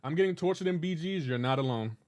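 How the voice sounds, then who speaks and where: Animated, teasing male game streamer. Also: on the high side, quick pace. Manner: teasing, banter-heavy, breaks into laughter. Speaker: live-streaming gamer. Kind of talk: casual live-stream chat, reading chat aloud.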